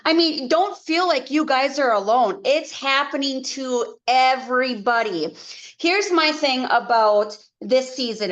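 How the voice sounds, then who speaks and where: Woman team leader on a video call; encouraging, chatty, fairly high pitch. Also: fairly bright tone. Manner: chatty, encouraging, quick asides.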